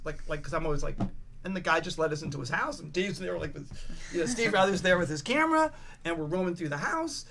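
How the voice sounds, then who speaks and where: A man's voice: high voice, fast, a bit bright, slight background noise. An older man, a podcast guest, telling rambling stories in casual chat, restarting sentences, swearing and acting out the voices of the people he quotes.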